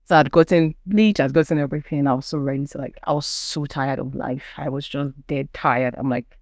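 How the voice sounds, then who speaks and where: A woman's voice: extremely low pitch, fairly even intonation, brisk, darkish tone, no echo. Young Nigerian woman, podcast guest, earnest testimony, dry close sound. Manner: earnest storytelling, acts out quoted people. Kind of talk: personal testimony in conversation.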